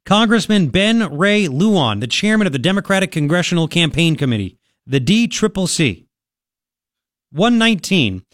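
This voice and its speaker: A man hosting a political talk radio show, rambling and sarcastic in an animated way. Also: high voice, moderate pace, no echo, clean studio sound.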